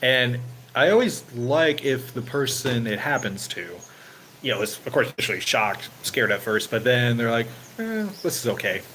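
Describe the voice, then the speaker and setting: A man's voice: medium pitch, normal speed, bright, forceful tone, a little hiss or hum, low-quality recording. Rambling man chatting casually to viewers. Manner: rambling, full of "you know" fillers. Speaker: channel host. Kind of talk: casual livestream chat.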